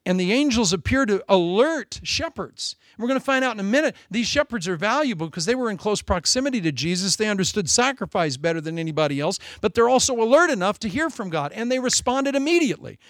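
A man in his forties preaching a sermon, animated and joking, with self-mocking asides. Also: high voice, fast, hardly any pauses, no room sound, clean studio sound. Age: 40s. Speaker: pastor.

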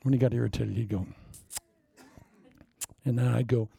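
A man preaching a sermon with wry, self-mocking humor, swinging from loud emphasis down to hushed asides. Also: medium pitch, fairly even intonation, moderate pace, creaky, slightly rough. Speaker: pastor.

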